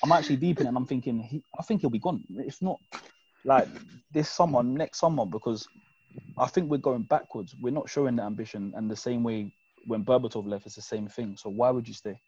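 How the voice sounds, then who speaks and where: A man's voice: medium pitch, a little fast, darkish tone, husky, no echo, dull audio. A young man, chatting candidly and reflectively with fillers on a podcast. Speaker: podcast guest fan. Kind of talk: casual chat.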